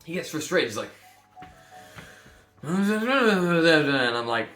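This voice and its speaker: A man's voice: a little high, very animated, slow, pauses often, pushed and bright. Emphatic male pronunciation coach. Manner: emphatic, blunt, repeats phrases for effect. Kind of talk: direct-to-camera lesson. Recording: echoey room with faint music.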